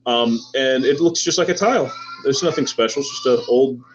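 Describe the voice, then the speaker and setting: A man's voice: mid-range voice, brisk. A man running a tabletop game as game master, narrating loosely with many fillers. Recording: dull lo-fi recording with faint noise.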